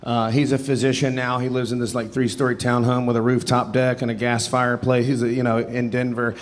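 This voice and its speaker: A mid-range, level voice at a slightly fast pace belongs to a stand-up comedian in his thirties. Performing storytelling to a live theater audience, he rambles self-deprecatingly and keeps chuckling mid-line.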